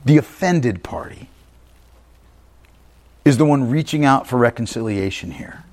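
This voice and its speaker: A man's voice: mid-range voice, animated, a little slow, darkish tone. A male pastor preaching an emphatic, conversational sermon, often checking in with his listeners. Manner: emphatic, conversational preaching with frequent "right?" asides.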